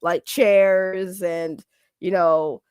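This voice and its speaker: A woman's voice: fairly low pitch, steady tone, very slow, darkish tone, clear, resonant tone, no room sound, clean studio sound. Chatty self-mocking woman streamer. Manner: chatty, self-mocking, greets chat by name. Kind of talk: casual livestream chat.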